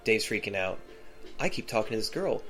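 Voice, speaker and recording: A man's voice: fairly low pitch, big pitch swings, fairly quick, pushed and bright, soft background music. A man hosting a podcast, telling a personal story in a rambling, casual way full of fillers and restarts. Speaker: podcast host.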